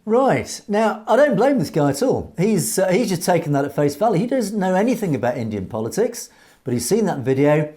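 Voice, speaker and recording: A man commentating on a video in measured, earnest political commentary, with light hesitations. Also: high-pitched, very animated, warm tone. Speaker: online news commentator.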